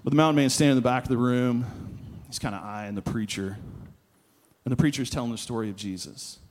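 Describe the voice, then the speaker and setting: A male pastor delivers a sermon through storytelling. His mid-pitched voice slows for emphasis on the lines he wants to land. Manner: storytelling, emphatic with slowed key phrases.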